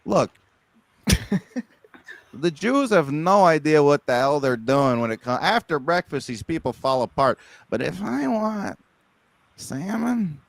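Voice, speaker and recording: A man co-hosting a comedy podcast, improvising rapid bits and slipping into character voices as he laughs through them. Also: fairly high pitch, big pitch swings, vocal fry, no room sound.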